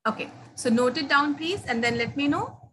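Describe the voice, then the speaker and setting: High-voiced woman teaching. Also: lively intonation, moderate pace, sharp tone, a little hiss or hum, poor audio. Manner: patient, questioning, stresses key words. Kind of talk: classroom grammar teaching.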